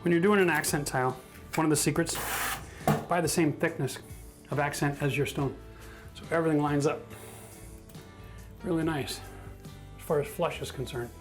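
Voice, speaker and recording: DIY host, man, higher than average voice, chatty and self-deprecating, clear music bed underneath. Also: fairly even intonation, normal speed, pauses often. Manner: chatty, self-mocking, laughs at his own mistakes. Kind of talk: casual how-to narration. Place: bathroom under renovation.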